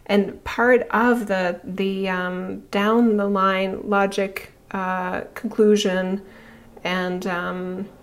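A middle-aged woman spiritual teacher speaking slowly and haltingly, emotional and near tears, with pauses and sighs. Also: medium pitch, level tone. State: emotional, tearful. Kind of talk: reflective spiritual talk.

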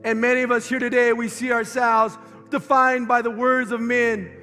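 A male pastor preaches with fervor, his voice strikingly high and going hoarse as he loses it. His shouted lines ring out with a long hall reverb. Soft music plays behind him. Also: level tone, normal speed. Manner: impassioned preaching, rising to shouts. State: losing his voice. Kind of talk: sermon.

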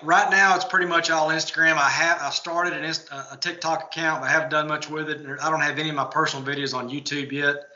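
A man's voice: on the high side, fairly even intonation, quick pace, few pauses, sharp tone, echoey room, lo-fi sound. Motivational man from Texas. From Texas, United States. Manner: earnest, motivational. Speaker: guest. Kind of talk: casual interview.

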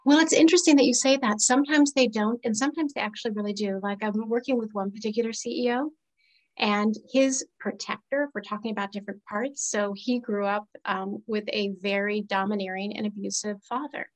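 A woman with a medium-pitched voice talks a little fast as a therapist guest in a casual conversation. She's earnest and reflective, quoting her clients in lively voices, though the audio quality is poor.

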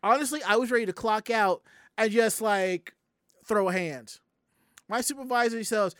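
A streamer from the Southern United States telling a story to chat in a casual, animated, profane way, acting out the people in it. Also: mid-range voice, normal speed, no room sound, studio quality.

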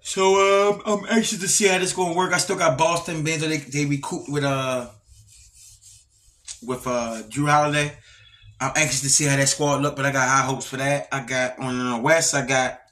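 A man's voice: a little high, steady tone, moderate pace, a bit bright. A man co-hosting a podcast, talking loosely in a laid-back, rambling way that trails off and restarts. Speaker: podcast co-host. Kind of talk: casual chat.

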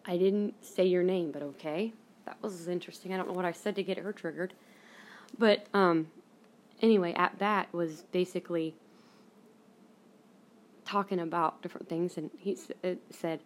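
A woman's voice: on the low side, fairly even intonation, moderate pace, pauses often, slight background noise. A young woman hosting her own podcast, telling a personal story in a rambling, casual way with lots of fillers. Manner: rambling, frequent fillers and restarts. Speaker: podcast host.

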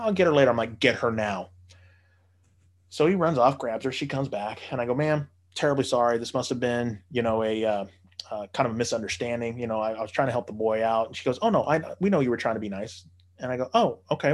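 A man telling a casual anecdote, animated, swearing freely and acting out the voices of the people he quotes. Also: mid-range voice. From United States.

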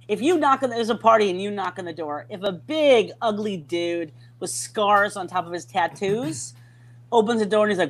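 A middle-aged woman from Minnesota spins a rambling, animated story in relaxed conversation. She jumps in and out of quoted voices and trips over restarts as she goes. Her voice sits at a middle pitch for a woman. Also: brisk. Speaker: podcast guest. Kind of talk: casual storytelling chat.

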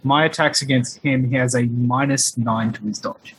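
A man's voice: mid-range voice, steady tone, normal speed, a bit bright, a little hiss or hum, low-quality recording. A man playing in a tabletop game, chatty and playful while explaining his moves and rules. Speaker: player.

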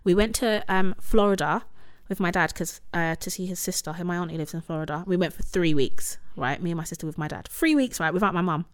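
A woman's voice: on the low side, fairly quick, few pauses, smooth. A woman in her thirties, casually and candidly telling a personal story with lots of "like" and "you know". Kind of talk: casual conversation.

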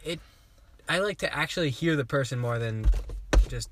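A man's voice: a little high, expressive, moderate pace, background noise. A young man co-hosting a casual podcast from inside a hot car, rambling with enthusiasm about food. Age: young adult. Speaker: podcast co-host. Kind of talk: casual chat.

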